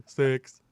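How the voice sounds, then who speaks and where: A man's voice: on the high side, sharp tone, no echo, clean studio sound. Breezy man reading donation messages. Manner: breezy, laughs easily. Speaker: host reading chat donations. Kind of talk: casual livestream chat.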